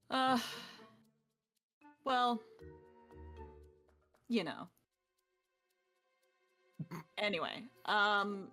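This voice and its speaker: A woman's voice: medium pitch, pushed and bright, full character voice. A woman voicing a laid-back, teasing young woman who talks casually and swears offhand in a tabletop game.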